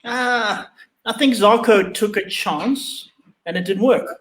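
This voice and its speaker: A man's voice: high-pitched, slow, a bit bright, reverberant, low-quality recording. A man co-hosting a casual motorsport chat from home over a video call, loose and hesitant with wry asides. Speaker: co-host. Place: home room.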